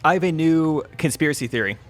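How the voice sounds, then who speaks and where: A man's voice: on the high side, expressive, fast talker. A young man co-hosting a podcast in casual chat, joking and spinning wry theories. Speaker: podcast co-host.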